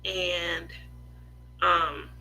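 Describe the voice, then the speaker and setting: A woman's voice: lowish voice, little pitch movement, drawn-out words, gravelly, sharp tone, slight background noise, rough recording. A woman in her forties chatting casually and openly to her viewers as a craft vlogger, rambling with lots of "you know" and "um". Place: home craft room.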